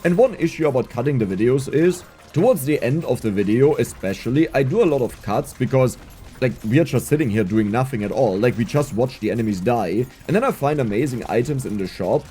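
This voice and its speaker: Man, gameplay commentary, lively swooping pitch, mellow tone, scratchy strained voice, faint music. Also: brisk. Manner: excitable, laughs often, talks to himself. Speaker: gaming YouTuber.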